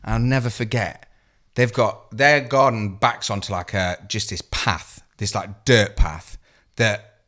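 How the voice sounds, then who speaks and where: A man co-hosting a podcast, telling scary stories in animated casual chat, swearing freely and acting out voices. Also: on the low side, unhurried. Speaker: podcast co-host.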